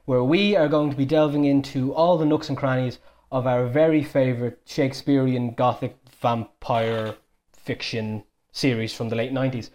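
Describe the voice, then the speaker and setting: A man's voice: medium pitch, steady tone, normal speed, a little mellow. A young Irish man hosting a casual podcast, joking and teasing his guests in a chatty way. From Ireland. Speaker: podcast host.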